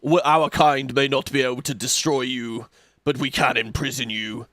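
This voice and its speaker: A man voicing a sinister scheming old king, slow and theatrical, as he retells a game trailer. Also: mid-range voice, steady tone, a bit bright, no room sound, lightly acted. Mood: menacing.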